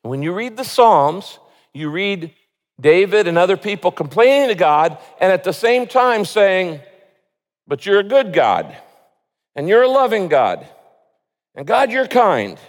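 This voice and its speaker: A man with a fairly high voice delivers an earnest sermon, reading prayers and scripture with swelling emphasis. His voice carries a long reverb, as if filling a large church hall. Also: very animated, measured pace. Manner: earnest preaching, reads scripture with rising emotional emphasis. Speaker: pastor.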